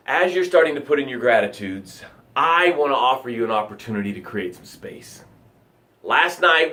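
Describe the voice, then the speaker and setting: A man coaching on a live motivational broadcast, telling vivid stories with repeated phrases, and swinging from loud outbursts to hushed words. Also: medium pitch.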